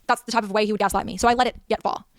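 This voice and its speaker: A woman's voice: medium pitch, steady tone, rapid-fire, no echo. A young woman giving an intense, emotional personal account with heavy swearing. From Australia. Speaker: creator telling her story in a clip.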